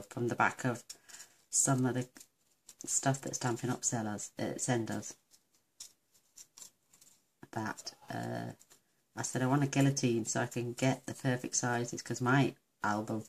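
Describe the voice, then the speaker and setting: Very deep gravelly lady chatting away while she crafts, middle-aged, rambles and talks to herself. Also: slight background noise, rough recording. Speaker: craft demonstrator. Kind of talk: casual crafting tutorial chat.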